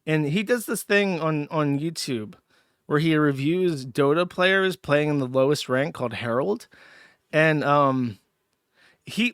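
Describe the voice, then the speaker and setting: Heated ranting man, high bright voice. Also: clean tone, no room sound, studio quality. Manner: heated, profane, mocking. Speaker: streamer host. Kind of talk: angry livestream rant.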